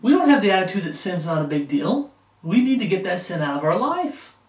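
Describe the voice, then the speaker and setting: A man's voice: high-pitched, very animated, brisk, roomy sound, far from the mic. A man preaching a sermon in a fervent way, climbing into emphatic bursts as he presses his points.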